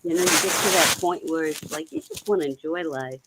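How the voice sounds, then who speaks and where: A woman on a video call, chatting casually and telling rambling, animated stories. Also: low voice, brisk, heavy background noise. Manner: rambling, animated storytelling with laughs. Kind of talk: casual chat.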